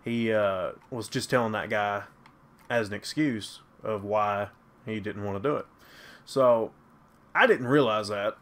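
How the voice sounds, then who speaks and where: A young man in casual chat, speaking in a low-key, profane way and correcting his friend's version of events. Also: measured pace, fairly bright tone. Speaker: friend in the story.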